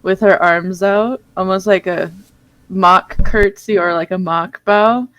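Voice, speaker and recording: A woman narrates what her character does at a tabletop game. She rambles and leans on fillers as she goes. Her voice sits at a middle pitch and sounds dry and close. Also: fairly even intonation, slow pace, a bit bright, no room sound, rough recording. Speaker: player.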